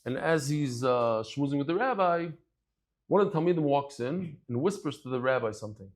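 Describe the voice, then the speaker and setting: A man giving a daily Talmud lecture, conversational and lively, acting out bits of dialogue as he explains with everyday examples. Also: mid-range voice, creaky. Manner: lively, acts out dialogue in quick asides. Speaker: Talmud teacher.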